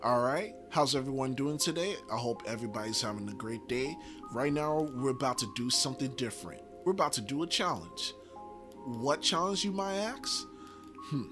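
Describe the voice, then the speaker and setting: A man's voice: medium pitch, expressive, normal speed. Casual male reaction host, chatty, music playing behind. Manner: upbeat, chatty, with fillers. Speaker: YouTube host. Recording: clear background music.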